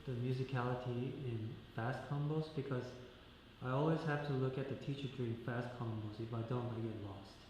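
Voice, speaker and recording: A man's voice: mid-range voice, steady tone, a little fast, background noise. A man reading a student's question aloud in a plain, matter-of-fact way. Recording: echoey hall.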